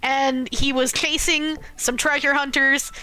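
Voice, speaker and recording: A woman streamer casually recapping a game's story, animated, often laughing and swearing. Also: high-pitched, a little slow. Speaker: game streamer. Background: faint game music.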